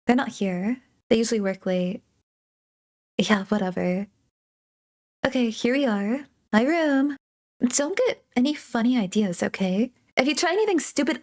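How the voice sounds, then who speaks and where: A woman voicing a bossy, sharp-tongued young tsundere girl in an ASMR role-play, talking with a sarcastic, mocking edge. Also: a little high.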